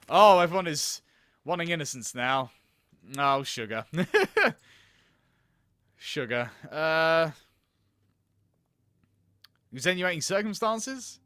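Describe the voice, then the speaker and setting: A man with a slightly high, bright voice and big pitch swings plays a video game on camera for a let's play video, recorded with no echo. He talks slowly with long pauses, swearing, laughing and thinking aloud as he goes.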